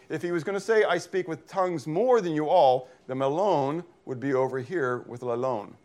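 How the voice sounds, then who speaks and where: Male pastor, from Pennsylvania, slightly higher voice, teaching sermon with lots of "okay?" check-ins. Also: moderate pace, hardly any pauses. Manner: reads scripture aloud and explains Greek words. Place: church.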